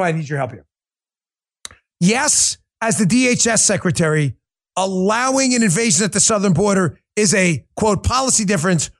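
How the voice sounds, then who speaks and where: A man hosting a political talk show, reading ads casually and ranting with rising emphasis. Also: high-pitched. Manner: animated, emphatic, rising to near shouting; conversational ad read. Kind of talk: live political talk and ad reads.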